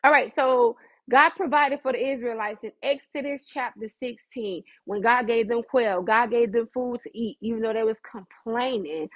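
A woman's voice: a little high, normal speed. A woman preaching fervently on a livestream, conversational and dramatic, mixing scripture with chat. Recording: dull lo-fi livestream audio.

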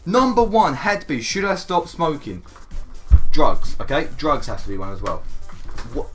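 Sweary young man, lively pitch. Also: soft background music. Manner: swears a lot, quick to exasperation, self-mocking. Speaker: gaming YouTuber. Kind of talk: casual gameplay commentary.

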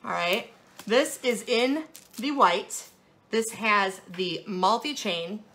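A woman's voice: mid-range voice, slow, fairly bright tone. A woman hosting a casual live jewelry sales show, bubbly and playful, gushing over each piece.

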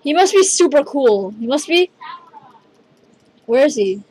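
A woman hosting a casual gameplay video, excitable and rambling, calling her teammate "dude" again and again. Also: high-pitched, unhurried, poor audio.

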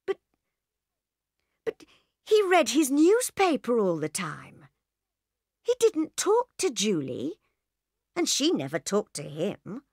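A woman's voice: a little high, wildly swooping pitch, takes it slowly, long pauses, a little mellow, dry recording, studio quality, voice pushed up, heavily acted. A woman reading aloud and voicing an upset young husband who pleads in disbelief. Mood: distraught.

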